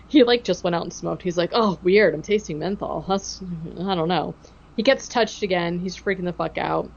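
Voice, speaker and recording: A woman hosts a casual podcast, recapping a ghost-hunting show with dry sarcasm. She slips into mocking impressions now and then. The audio is a touch dull and lo-fi. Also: medium pitch. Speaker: podcast host.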